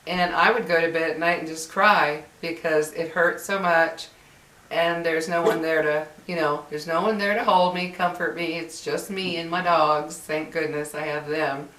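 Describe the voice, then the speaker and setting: A woman's voice: low voice, steady tone, normal speed, a bit bright, recorded from a distance. Chatty middle-aged woman in echoey room. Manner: candid, chatty, emotional, laughs often. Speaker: vlogger. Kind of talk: personal vlog chat.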